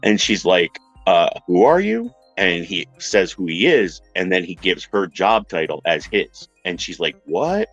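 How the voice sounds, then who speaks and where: Low-voiced man telling a story casually. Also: moderate pace, hardly any pauses, no room sound, muffled recording, faint music behind. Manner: animated retelling, acts out quoted voices. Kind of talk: casual storytelling on a podcast panel.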